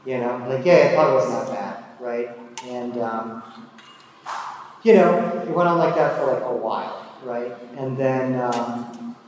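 A man's voice: mid-range voice, measured pace, a little mellow, a little hiss or hum. A man in his thirties or older telling a personal story in a casual, self-deprecating way, with many fillers. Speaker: speaker sharing his drinking story. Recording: echoey hall from far off.

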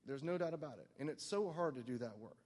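A man's voice: a little high, expressive, fast, a little mellow, big-room sound. A man telling his personal recovery story to a meeting, rambling and self-mocking, filling his talk with "like" and "you know". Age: adult, no longer young.

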